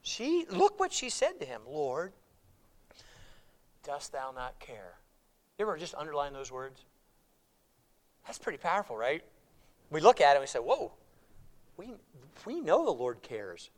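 Lively, high-voiced preacher man. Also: normal speed, long pauses. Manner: animated, acts out voices in quotes. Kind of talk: sermon.

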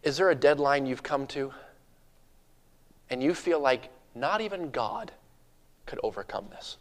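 A man preaching a sermon who drops to a hush and then rises to loud, urgent passages, often repeating words when he gets going. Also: mid-range voice, lively intonation, unhurried. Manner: swings from hushed to loud and urgent, acts out voices. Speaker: pastor.

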